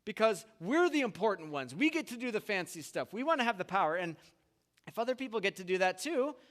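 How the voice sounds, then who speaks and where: A man's voice: high voice, fairly quick. A man preaching a sermon as a pastor, in a conversational way, and acting out the people in the stories he tells. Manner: conversational, animated retellings with acted quotes. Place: church sanctuary. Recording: long church hall reverb.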